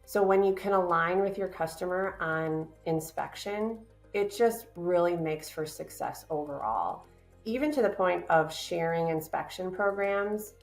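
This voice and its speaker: A woman with a low voice and a gravelly edge, answering interview questions about her company. She speaks in an earnest, upbeat way with plenty of fillers. Faint music sits underneath. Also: a little slow. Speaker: company business development director, guest.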